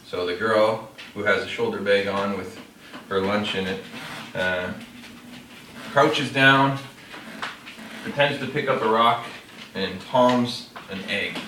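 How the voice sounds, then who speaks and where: A man's voice: lowish voice, steady tone, slow, long pauses, sharp tone. A man telling a fable in a loose, unpolished way, showing a classroom storytelling trick. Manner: unpolished, with fillers and self-corrections. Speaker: storyteller demonstrating a classroom technique. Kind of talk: casual oral storytelling. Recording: roomy, distant mic, faint noise.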